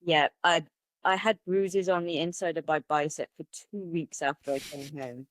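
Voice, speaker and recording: A woman's voice: low voice, fairly even intonation, normal speed, a little hiss or hum. A woman, a podcast guest talking candidly and chattily in a conversational interview, laughing easily. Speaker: podcast guest, martial artist.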